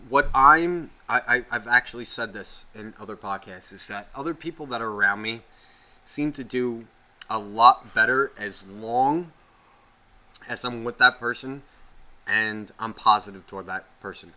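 A man co-hosting a podcast, ranting with constant swearing and sudden loud outbursts. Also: mid-range voice, measured pace. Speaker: podcast co-host. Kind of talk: casual podcast rant.

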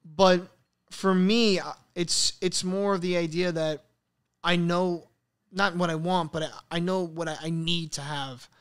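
A man's voice: sits high, measured pace, clean tone. A young man with a heavy Brooklyn Italian American accent, chatting casually as a podcast guest and laughing often while telling stories. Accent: Brooklyn Italian American New York. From New York. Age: young adult. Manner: laughs often, animated storytelling. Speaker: guest content creator.

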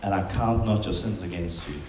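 Earnest low-voiced male preacher, echoey room. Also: fairly quick, darkish tone, a little hiss or hum. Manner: earnest, emphatic, with spoken quotations. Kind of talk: sermon.

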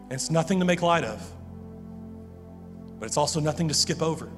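A man's voice: fairly high pitch, animated, a little fast. A man preaching a sermon as pastor, earnest, often repeating words as he presses a point. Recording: long hall reverb with music behind.

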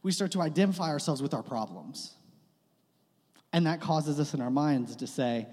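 A man's voice: fairly high pitch, lively intonation, moderate pace, darkish tone. A young man preaching a conversational sermon, with self-deprecating humor and repeated phrases. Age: young adult. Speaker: pastor. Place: church sanctuary. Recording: long reverb of a church hall.

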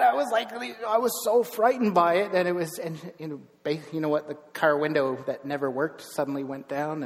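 A middle-aged man preaching a sermon as pastor, telling stories with lively bursts of emphasis. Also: fairly high pitch, in a large hall. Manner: storytelling, animated with bursts of emphasis. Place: church sanctuary.

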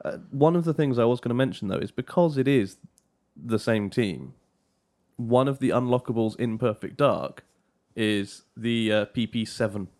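Measured man in casual podcast chat. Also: mid-range voice, a little mellow. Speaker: podcast co-host. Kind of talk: casual chat about games.

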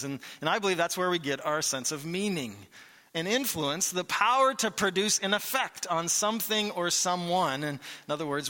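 Male pastor preaching in a church, high bright voice, big hall echo, lots of rhetorical questions. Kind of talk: sermon. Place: church sanctuary.

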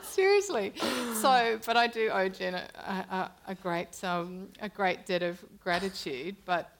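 A woman's voice: mid-range voice, unhurried, noisy background. A middle-aged woman, an interview guest, telling stories in casual chat and laughing often. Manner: animated storyteller who laughs often. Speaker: journalist.

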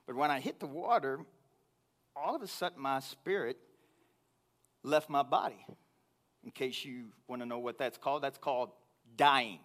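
A man preaching to his congregation, telling a personal story in an animated way that grows loud and high when he gets excited. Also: normal speed, pauses often. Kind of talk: sermon storytelling.

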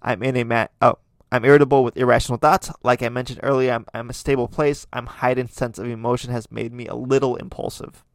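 A man's voice: medium pitch, level tone, fast talker, no room sound. A man talking casually into a close microphone, reading out posts and adding his own blunt opinions. His voice sits in a middle register and the sound is dry, with no room around it. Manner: chatty, many fillers and restarts, opinionated asides. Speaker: podcast host. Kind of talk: casual commentary reading tweets.

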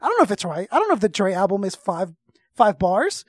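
A man's voice: high-pitched, quick pace, no echo, clean studio sound. A man co-hosting a casual podcast, ranting with strong opinions and plenty of swearing. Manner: animated, profane, opinionated ranting. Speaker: podcast co-host and music reviewer. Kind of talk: casual chat.

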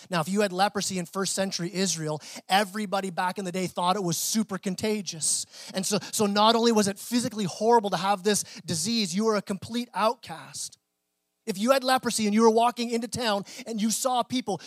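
A man's voice: high voice, no echo. A man pastor preaching a sermon in a conversational way, with small restarts.

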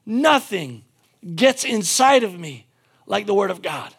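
High-voiced preacher man, fervent and repetitive. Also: very animated, measured pace, gravelly, breathy edge. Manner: swings from shouted fervor to quiet intimate appeals; repeats phrases for emphasis. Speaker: pastor. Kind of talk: sermon.

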